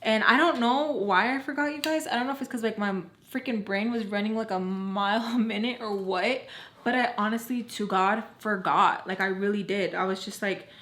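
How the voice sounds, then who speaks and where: A young woman telling a personal story in casual vlog style, animated and acting out what others said. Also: medium pitch, normal speed. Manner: animated, acts out quotes, says "like" often. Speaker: storytime vlogger.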